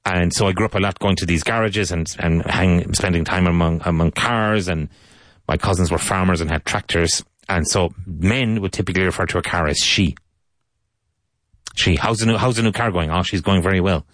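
A low-pitched Irish man gives an English lesson, repeating each phrase slowly and clearly so learners can follow. His voice is recorded close and dry, with no room sound behind it. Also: fairly bright tone, no room sound. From Ireland. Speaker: English teacher. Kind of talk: language lesson monologue.

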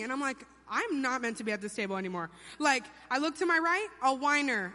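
A woman's voice: high-pitched, moderate pace, bright, forceful tone. A young adult woman preaching a sermon in a church, chatty and playful, acting out quotes in funny voices. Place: church sanctuary. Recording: long hall reverb.

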